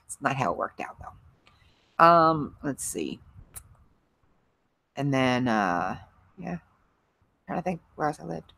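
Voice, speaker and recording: Low-voiced woman, chatty and rambling. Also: sing-song, slow, creaky, pauses often, fairly bright tone, dry recording. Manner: rambling, chatty, laughs often. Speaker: livestream host. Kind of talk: casual chat with live viewers.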